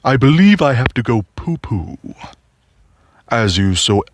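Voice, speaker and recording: A man's voice: mid-range voice, very animated, a little slow, no echo. A man playing a stiffly formal son speaking to his father.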